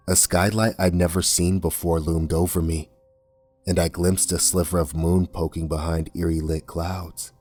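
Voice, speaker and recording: A man reading a horror story aloud in a somber, measured way. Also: low-pitched, a little mellow, husky. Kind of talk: scripted horror narration. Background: faint music.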